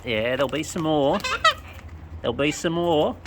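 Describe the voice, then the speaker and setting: Woman, low-pitched, slow sing-song coaxing of birds, noisy outdoor recording. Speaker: bird feeder vlogger. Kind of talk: casual talk to wild birds. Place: outdoors among wild birds. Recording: outdoor noise with bird sounds.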